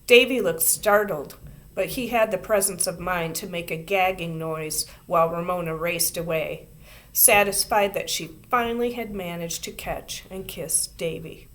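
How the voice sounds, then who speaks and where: A woman reading a children's book aloud in an expressive storytelling way. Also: lowish voice, unhurried. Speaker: reader.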